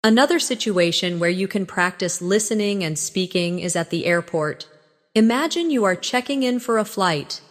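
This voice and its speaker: Clear, slow-spoken woman teaching English. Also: medium pitch, animated, in a large hall. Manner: slow, clear, instructive delivery with model phrases. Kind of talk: scripted language lesson narration.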